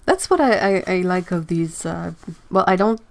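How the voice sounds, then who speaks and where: In a fairly low, creaky voice that is expressive and normal in speed, an artist chats on her livestream and reads comments. She comes across as sleepy and rambling, laughing a lot and often restarting her sentences.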